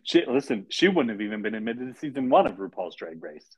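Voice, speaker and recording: A man's voice: medium pitch, sing-song, quick pace, breathy edge, low-quality recording. A man co-hosting a podcast in casual chat, recapping a TV episode with dry, wry asides. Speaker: podcast co-host.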